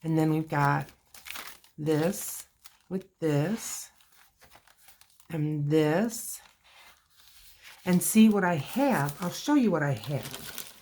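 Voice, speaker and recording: A woman's voice: low-pitched, drawn-out words, pauses often, darkish tone, slight background noise. A woman hosting a casual crafting video, chatting and talking to herself while she works on a journal.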